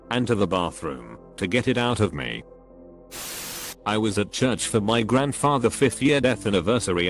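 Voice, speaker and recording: A man narrating a string of short reader stories in an even, scripted reading. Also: fairly low pitch. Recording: faint music behind the voice. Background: faint background music.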